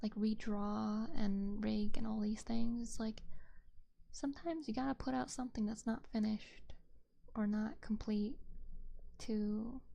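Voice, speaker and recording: Whispering young woman streamer, gravelly. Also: fairly high pitch, fairly even intonation, measured pace. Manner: soft, rambling, with frequent fillers and light laughs. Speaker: VTuber ASMR streamer. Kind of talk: whispered casual chat. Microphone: binaural dummy-head mic.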